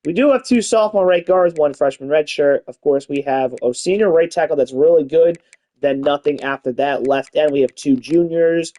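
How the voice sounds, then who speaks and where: A man streaming a college football game, chatting casually and reading out stats, with sudden excited mock-announcer outbursts and swearing. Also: a little high, normal speed. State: tired, yawning. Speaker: gaming streamer. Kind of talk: casual live game commentary.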